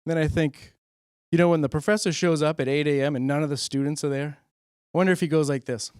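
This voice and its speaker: A young man doing a stand-up comedy set, deadpan and rambling, acting out characters in quick voices. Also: on the high side, clean tone, dry recording, clean studio sound.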